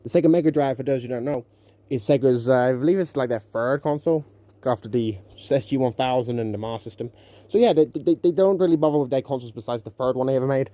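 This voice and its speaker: Young guy ranting about games real fast, mellow voice, keeps restarting his sentences. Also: mid-range voice, dry recording. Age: young adult. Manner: rambling, self-correcting, sarcastic. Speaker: YouTuber. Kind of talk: casual gaming commentary.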